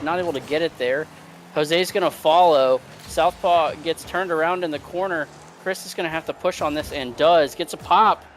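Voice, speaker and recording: A man casting esports play-by-play with quick running calls, later asking players questions. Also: on the high side, slight background noise. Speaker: play-by-play caster. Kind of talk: esports commentary.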